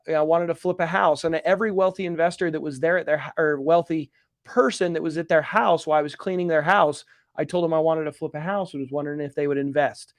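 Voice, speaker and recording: A man's voice: on the high side, dry recording. Earnest man giving a motivational talk. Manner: earnest, emphatic, repeats phrases for effect. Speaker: real estate coach hosting a live Q&A. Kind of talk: motivational live-stream talk.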